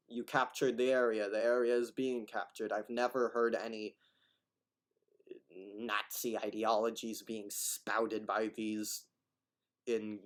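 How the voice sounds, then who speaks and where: Rambling man arguing in commentary. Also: mid-range voice. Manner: rambling, repeats and restarts words, argumentative. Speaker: commentator reacting to a video.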